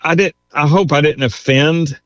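A fairly high-voiced man spins courtroom stories with lively, amused energy. The sound is dry and a little dull, with no room around it. He laughs lightly through his own tales. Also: moderate pace, no room sound. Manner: animated storyteller, chuckles through anecdotes. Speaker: lawyer and author. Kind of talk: storytelling interview.

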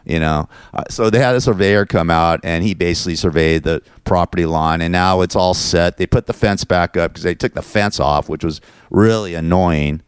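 A man's voice: low voice, normal speed, hardly any pauses, clear, resonant tone, dry recording, clean studio sound. A man hosting his own show, venting in a rambling, repetitive, frustrated monologue. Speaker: show host.

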